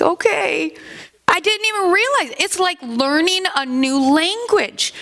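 Older woman pastor, sermon, high bright voice, slow and chatty. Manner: animated, conversational preaching with asides.

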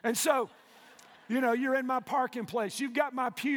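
High-voiced preacher shouting in a reverberant hall. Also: male voice, normal speed. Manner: fervent preaching that swings from hushed to shouting, with call-and-response. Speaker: pastor. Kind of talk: sermon.

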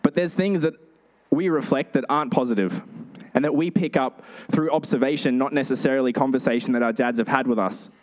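A male pastor giving a sermon, telling lively stories with animated delivery. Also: mid-range voice, brisk. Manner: storytelling, animated.

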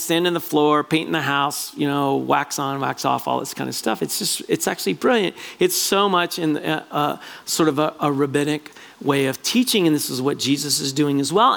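A man preaching a sermon as pastor, animated and acting out little quoted voices as he talks. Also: a little high, gravelly.

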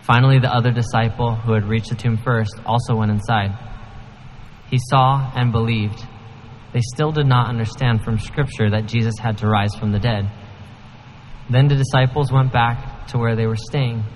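A man reading a scripture passage aloud in a steady, measured way in a church. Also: mid-range voice, big-room sound, a little hiss or hum, poor audio. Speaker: scripture reader. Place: church sanctuary.

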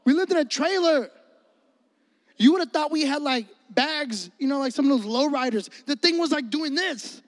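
Preaching at a moderate pace, a man from Florida uses a very high voice and a lively, funny delivery, physically playing out each scene he describes. He is recorded up close, and the sound is dry with no trace of the room.

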